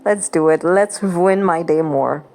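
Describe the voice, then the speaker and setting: A woman's voice: lowish voice, unhurried, vocal fry, darkish tone. A young woman hosting a game channel, chatting casually and rambling while she plays, laughing often and sounding mock-exasperated. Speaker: gaming channel host. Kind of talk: casual gameplay commentary. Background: game music.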